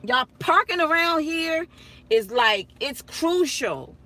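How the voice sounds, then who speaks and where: A woman vlogging from inside her car, telling stories to her viewers in a chatty, animated way and laughing often. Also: high voice, takes it slowly. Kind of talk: casual chat while driving.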